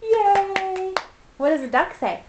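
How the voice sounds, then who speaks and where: A woman's voice: a little high, animated, unhurried, creaky, noisy background. A mother in a home video, coaxing her baby with sing-song, encouraging baby talk.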